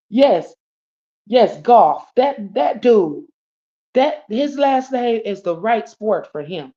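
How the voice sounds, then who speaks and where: Woman talking straight to her viewers, cussing, low-ish warm voice, kinda muffled stream sound. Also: big pitch swings, very slow, long pauses. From Detroit, USA. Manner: blunt, profane, slangy storyteller who addresses viewers as y'all. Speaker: livestream host. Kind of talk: casual storytelling tribute. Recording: dull lo-fi stream audio.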